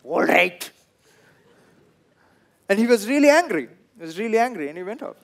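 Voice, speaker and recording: A young man with a Sri Lankan English accent performing a stand-up comedy set, telling stories and acting out the people in them in loud bursts. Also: high-pitched, racing. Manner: animated storytelling, acts out quoted people in loud bursts.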